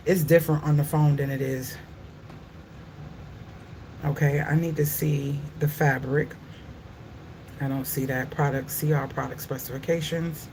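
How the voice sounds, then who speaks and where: A woman's voice: low voice, slight background noise. A middle-aged woman, venting at home in a casual chat with her viewers. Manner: exasperated, venting, animated. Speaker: vlogger.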